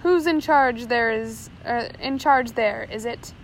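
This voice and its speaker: A woman voicing an eager, bumbling male pirate mate who calls out loudly and stammers over his words. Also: fairly high pitch, slow, a little hiss or hum, low-quality recording. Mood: flustered. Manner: loud, fumbling, stammering.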